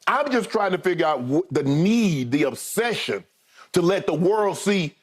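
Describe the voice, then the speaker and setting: A man's voice: sits high, expressive, normal speed. A man co-hosting a sports debate show, talking animatedly and addressing his co-host again and again.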